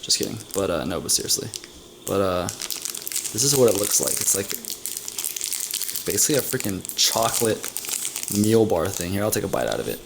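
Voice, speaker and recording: A man's voice: low voice, very animated, fairly quick, vocal fry, pauses often, noisy background. Chatty young man, rambling vlog talk. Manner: chatty, rambling, self-correcting. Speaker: vlogger. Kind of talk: casual vlog narration while cooking. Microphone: camera mic.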